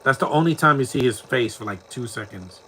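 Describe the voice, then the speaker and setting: Commenting live on a movie, a man speaks casually and mockingly, laughing often at what's on screen. His medium-pitched voice is bright, forceful, and animated, a little fast, with a faint murmur of background noise underneath.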